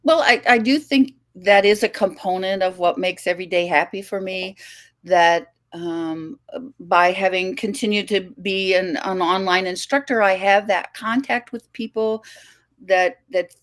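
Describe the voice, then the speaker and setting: A woman's voice: medium pitch, a little slow. Reflective older woman from the Midwest. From American Midwest. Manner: reflective, chatty, with frequent restarts and light laughs. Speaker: podcast guest. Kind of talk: casual conversational interview.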